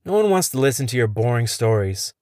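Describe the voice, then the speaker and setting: A man's voice: mid-range voice, sing-song, fairly quick, a little mellow, no room sound, clean studio sound, natural voice. A man voicing a mocking young man who has turned into a flesh-hungry zombie, in a horror audio story. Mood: whining.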